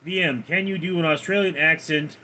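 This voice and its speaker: A man's voice: fairly high pitch, fairly even intonation, brisk, bright, forceful tone. A man live-streaming from home with his cats, reading viewer comments aloud and answering them offhandedly. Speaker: livestreamer reading chat. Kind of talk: casual live-stream chat.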